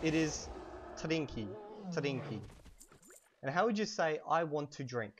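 A man teaching vocabulary in a casual, chatty way while playing a game at home, repeating each word slowly for learners, a little hoarse from a cold. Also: fairly high pitch. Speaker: language teacher. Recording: steady background noise.

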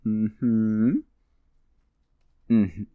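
A man's voice: on the low side, level tone, drawn-out words, clean tone, dry recording, narrow, tinny audio. A man casually commenting on his own gameplay, rambling and joking to himself with mock outbursts. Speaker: let's play gamer.

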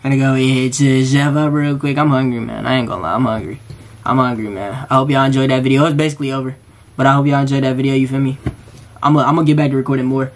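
A man with a mid-range voice comments on a clip in a relaxed, chatty way, full of slang. He talks straight to his viewers as the host of his own reaction channel. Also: mid-range voice, fast.

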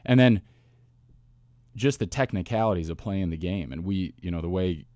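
A man, a football coach, telling stories in a casual interview with lively asides and restarts. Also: low voice, dry recording, studio quality. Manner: animated storyteller, quick asides and restarts. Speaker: wide receivers coach, guest.

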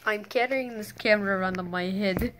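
A woman's voice: medium pitch, fairly quick, very noisy. A girl narrating a silly toy-play video, giggly and teasing, with mock-dramatic moments. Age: teens. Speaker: video maker. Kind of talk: playful toy-play commentary.

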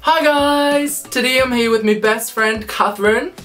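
A woman's voice: a little high, steady tone, moderate pace, a bit bright, recorded from a distance, soft background music. A woman hosting her own vlog, chatting casually and playfully with a friend and laughing often. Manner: giggly, playful banter. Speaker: vlog host. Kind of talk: casual chat.

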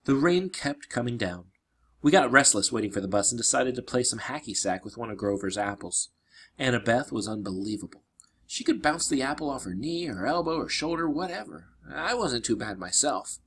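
A man reading a children's adventure novel aloud, narrating expressively with dramatic slowdowns. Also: medium pitch, lively intonation, fairly bright tone, breathy edge. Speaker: reader. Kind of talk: storybook read-aloud.

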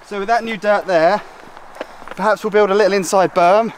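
At an outdoor bike track, a vlogger and rider with a high voice chats casually and jokes with a friend, trading self-deprecating banter while out of breath. He talks at a normal speed with fairly even intonation, and there's a little background noise.

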